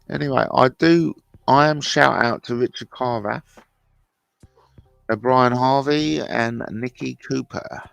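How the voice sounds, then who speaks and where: A man's voice: medium pitch, takes it slowly, creaky, clear, resonant tone, dry recording, faint music behind. A man hosting a casual livestream, chatting in blunt banter with some swearing, reading out viewers' comments and answering them. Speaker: livestream host.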